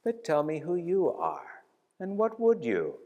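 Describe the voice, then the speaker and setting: A man's voice: on the high side, wildly swooping pitch, a little slow, dull audio, pitched above the performer's own voice. A man reading as a mild young prince. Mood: courteous. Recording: reverberant church hall.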